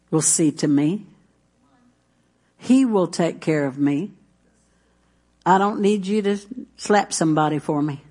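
A woman's voice: lowish voice, darkish tone. A middle-aged woman, preaching a sermon in a conversational way, with asides and restarts aimed at the congregation. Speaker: pastor.

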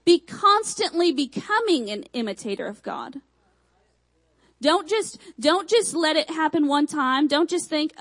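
A young woman from Michigan with a Texan accent, preaching a sermon with emphatic repeated phrases and quick asides. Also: high-pitched, animated, low-quality recording.

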